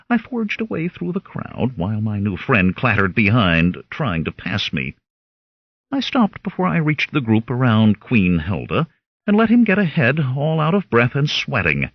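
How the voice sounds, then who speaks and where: A man narrating an audiobook in first person with a wry, animated delivery. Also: medium pitch, moderate pace, slightly rough, no room sound, lo-fi sound.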